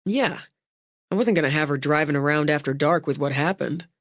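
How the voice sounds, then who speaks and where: A woman's voice: low-pitched, brisk. Woman narrator playing a wry young man, shaken after a crash, dry joking delivery, no room echo. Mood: dazed, wry.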